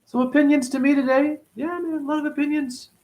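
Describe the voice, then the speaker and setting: A man's voice: steady tone, a little fast, a little mellow. A man in his forties hosting a rambling, profane livestream talk. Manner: profane, rambling, jumpy pitch swings. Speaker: host.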